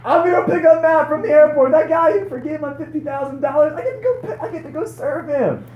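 A man acting out an overjoyed, grateful friend who shouts in a high, excited voice. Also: fast, recorded from a distance, dull audio, slight background noise. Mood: elated. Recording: roomy hall echo.

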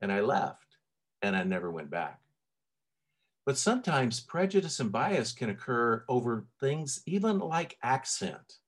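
A middle-aged pastor from Tennessee with a Southern accent, preaching a sermon in a relaxed, conversational way with frequent fillers and restarts. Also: male voice, medium pitch, unhurried.

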